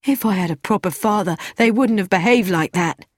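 A woman's voice: on the low side, measured pace, dry recording, studio quality. A woman reading an audiobook, voicing a sad, anxious young man who pleads and pities himself. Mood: pleading. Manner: pleading, self-pitying.

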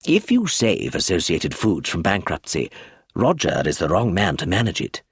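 A man voicing a brisk, formal family lawyer in a storybook reading. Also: deep voice, huge pitch swings, slightly rough, dry recording, clean studio sound, exaggerated voice.

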